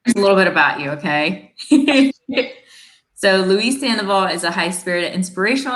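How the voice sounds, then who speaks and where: A woman hosting a casual interview show, chatty and quick to laugh. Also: lowish voice, fairly bright tone. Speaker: host and founder of the show. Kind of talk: casual video chat interview. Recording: roomy echo.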